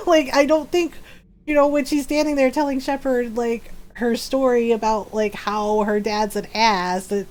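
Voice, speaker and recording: A woman with a slightly high voice chats casually as she streams a game. She talks in an animated way, laughs often and slips into mimicking characters. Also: a little slow. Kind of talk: casual chat while livestreaming a game.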